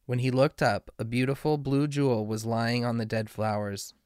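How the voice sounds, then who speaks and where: A man reading a fairy tale aloud in a slow, measured way. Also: medium pitch, flat delivery, a little mellow, no echo, studio quality. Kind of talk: storybook reading.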